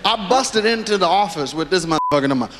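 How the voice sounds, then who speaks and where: A man telling a story in live stand-up, animated and profane, acting out the people in it, on a noisy live recording. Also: high voice, fast talker. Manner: animated, profane, acts out characters. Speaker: stand-up comedian.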